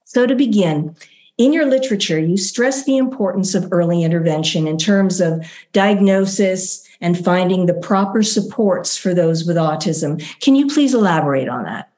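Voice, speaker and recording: A woman hosting an interview, reading a prepared introduction and asking questions in a measured, polite way. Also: on the low side, animated, warm tone. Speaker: interview host.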